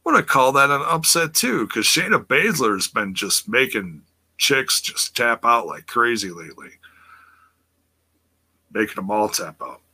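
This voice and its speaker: Male stream host, crisp bright tone, casual rambling chatter with repeated words. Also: medium pitch, very animated, a little slow. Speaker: wrestling podcast host reading chat. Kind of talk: casual live-stream chat.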